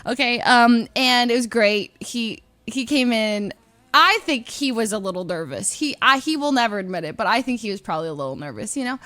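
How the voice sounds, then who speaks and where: A young woman streamer telling a story to her chat in a lively, giggly way. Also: fairly high pitch, a little fast, dry recording. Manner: animated, giggly, acts out others' lines.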